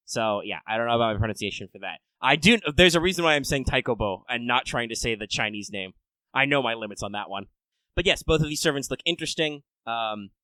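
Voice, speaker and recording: Bright-voiced man rambling on a podcast. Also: medium pitch, no echo, poor audio. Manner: rambling, profane, swings between loud rants and mutters. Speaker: podcast host. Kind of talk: casual podcast chat.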